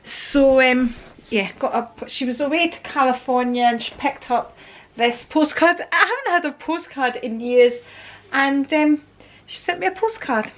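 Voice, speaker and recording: A woman's voice: high-pitched, measured pace, rough recording. A woman in her fifties chatting casually to camera at home, in a rambling, homely way. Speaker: lifestyle vlogger.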